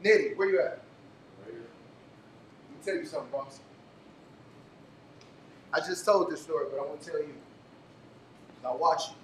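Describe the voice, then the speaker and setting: A man's voice: a little high, normal speed, long pauses. A man hosting a live event, hyping the crowd with call-and-response and telling stories. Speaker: event host. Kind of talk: motivational talk to a live audience. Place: event venue before a crowd. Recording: echoey room from far off, faint noise.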